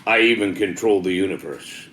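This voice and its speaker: A calm, commanding male divine voice from nowhere, put on by a man, low and unhurried. The words fall slowly and deliberately. The room gives it a roomy echo. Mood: solemn.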